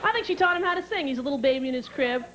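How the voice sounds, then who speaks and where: A woman's voice: high voice, lively intonation, very fast, fairly bright tone, rough recording. A woman doing a brash stand-up comedy routine on stage, telling stories and slipping into character voices. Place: comedy stage with live audience. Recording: live crowd and noise.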